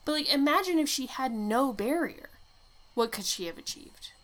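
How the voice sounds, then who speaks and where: Animated, bright-voiced woman co-host. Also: sits high. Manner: animated, indignant, quick to joke and rant. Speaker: podcast co-host. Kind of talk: casual chat.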